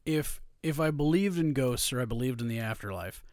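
A man's voice: mid-range voice, expressive, a little fast, a little mellow, no echo. Guy ranting about football, swears a ton, dry close mic. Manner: profane, ranting, heated. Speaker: podcast co-host. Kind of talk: casual sports chat.

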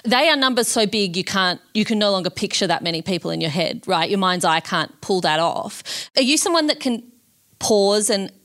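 A woman's voice: mid-range voice, lively intonation, normal speed, a bit bright, dry recording, clean studio sound. A woman hosting a podcast, upbeat and playful, moving from a scripted intro into an interview. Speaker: podcast host.

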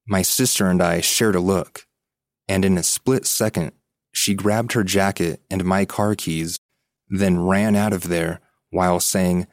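A man hosting a podcast, reading a listener's ghost story aloud as scripted narration in a measured, suspenseful way. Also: sits low, fairly even intonation, no room sound, clean studio sound.

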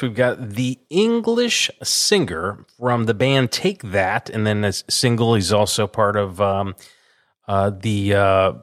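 A man's voice: fairly low pitch, fairly bright tone. A man co-hosting a radio show, running through a list and laughing easily. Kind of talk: casual banter.

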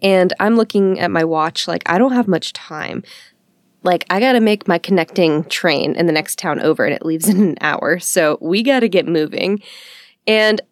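Chatty woman telling a story, low voice. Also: moderate pace, dry recording, studio quality. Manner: chatty, animated, acts out her own quotes; laughs often while talking. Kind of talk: casual personal storytelling.

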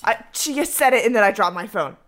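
A teenage girl in a casual podcast chat, laughing and quick to take sides. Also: mid-range voice, expressive, fairly bright tone. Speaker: podcast co-host.

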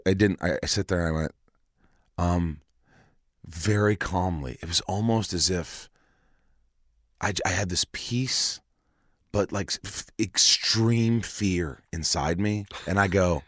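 A man with a low voice tells a personal story in casual chat. He acts out the dialogue and swears freely. The sound is dry and close. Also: no room sound.

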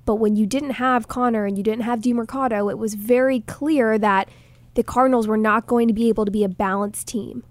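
A woman hosting a sports podcast in a fairly high voice, recorded close and dry. She chats in a playful way and laughs easily with her co-hosts. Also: fairly even intonation, a little fast, no echo. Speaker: podcast host. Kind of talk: casual sports chat.

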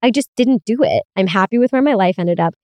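A woman's voice: mid-range voice, lively intonation, fairly quick, darkish tone, no echo. A young woman hosting a casual solo podcast, talking candidly, swearing freely and laughing often. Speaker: podcast host.

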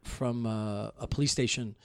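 A man's voice: mid-range voice, fairly even intonation, normal speed, smooth, no room sound. Profane rambling man telling stories. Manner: profane, rambling storyteller with many restarts. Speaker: podcast guest storyteller. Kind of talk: casual podcast chat.

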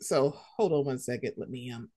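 A young woman hosting a casual pop-culture chat, animated and slangy, swearing freely. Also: a bass voice, normal speed. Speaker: podcast host.

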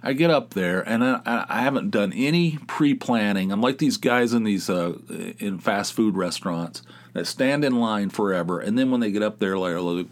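A middle-aged man with a low voice hosts his own podcast, talking alone in a loose, casual way. He rambles through everyday stories with self-mocking humor and works himself up as he tells them. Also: normal speed. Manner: rambling, self-mocking storyteller who gets fired up. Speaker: podcast host. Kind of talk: casual solo chat.

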